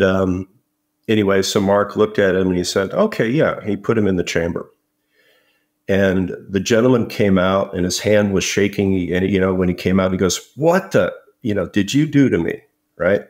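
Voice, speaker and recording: A man as an interview guest, telling stories casually and often repeating words. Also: deep voice. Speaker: company founder guest. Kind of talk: conversational interview.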